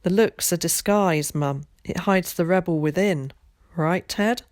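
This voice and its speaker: A woman's voice: on the low side, a little slow, darkish tone, no echo, close to an everyday voice. A woman reading aloud puts on a cheeky young boy in a storybook, teasing and upbeat, with a lifted voice. The sound is close and dry. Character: cheeky northern boy cousin, upbeat joker.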